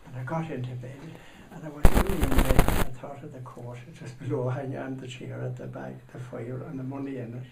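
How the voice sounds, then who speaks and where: Speaking a little fast with few pauses, a man rambles through a funny anecdote at a steady middle pitch, bursting into loud shouted voices for its characters. He's far from the mic in an echoey room, with a constant noisy hiss underneath.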